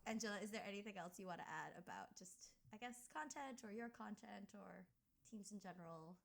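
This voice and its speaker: A young woman co-hosts a casual podcast chat. Her voice sits at a middle pitch, and she wanders into tangents packed with filler words. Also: animated, fairly quick, creaky. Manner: chatty, full of "like" and tangents. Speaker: podcast co-host.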